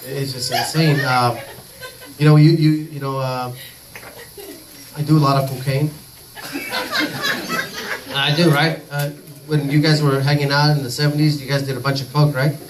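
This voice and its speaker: A man's voice: mid-range voice, level tone, normal speed, long pauses. A man doing a rambling, crude stand-up comedy set full of profanity on a comedy club stage. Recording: distant mic, noisy live recording.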